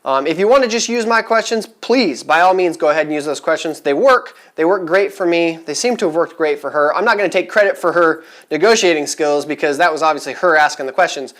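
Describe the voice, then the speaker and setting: A man's voice: fairly high pitch, fairly quick, few pauses, fairly bright tone. A man talking casually to camera in a vlog, chatty and rambling with many fillers, upbeat and eager. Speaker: vlogger giving resale advice.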